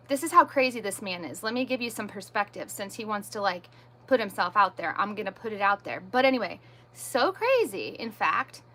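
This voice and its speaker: A woman in her thirties hosting a livestream, indignantly retelling a confrontation and quoting everyone in it. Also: on the high side. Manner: animated, indignant retelling with quoted dialogue. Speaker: livestream host. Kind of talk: casual livestream storytelling.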